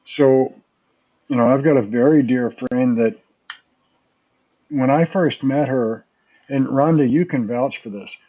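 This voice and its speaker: A man's voice: mid-range voice, measured pace, pauses often, dull audio. A man guest on a paranormal talk show, casually telling rambling anecdotes and acting out what others said. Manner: rambling anecdotes, acts out quoted voices. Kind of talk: casual storytelling.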